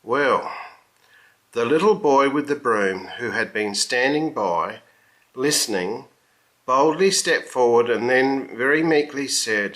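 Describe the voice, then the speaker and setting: A man reading a children's story aloud in a slow, expressive storybook manner. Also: mid-range voice.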